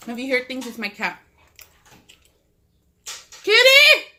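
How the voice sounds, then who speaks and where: At a moderate pace and medium pitch, a somewhat bright-voiced Southern California woman in her thirties rambles profanely through a story, saying "like" constantly. She's a mukbang vlogger eating at home with a cat.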